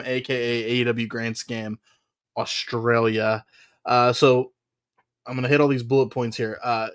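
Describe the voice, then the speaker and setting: A man's voice: mid-range voice, fairly bright tone. Rambling man on a podcast. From United States. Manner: rambling, laughs often, lots of filler "uh". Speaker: podcast co-host. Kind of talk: casual podcast chat.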